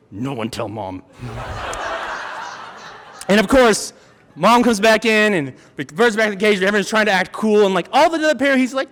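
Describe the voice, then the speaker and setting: A high-voiced man in his thirties telling a story live on stage, rambling and animated, peppering his talk with "like" and "you know." His voice rings in a large reverberant hall, with a faint hum of room sound behind it. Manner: chatty, full of "like" and "you know", acts out siblings with shouts. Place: theater stage before an audience.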